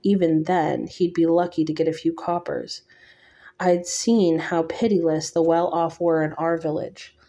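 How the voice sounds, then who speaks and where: A woman reading a novel aloud in first person, measured and slightly halting. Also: low voice, fairly even intonation, dark tone. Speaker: audiobook reader.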